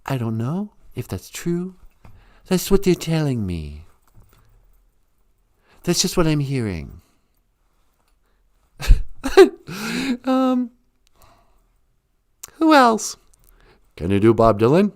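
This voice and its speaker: A woman's voice: low voice, extremely slow, long pauses. A woman hosting a live stream, chatting casually and giggling often. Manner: giggly and animated, laughing often. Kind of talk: casual chat.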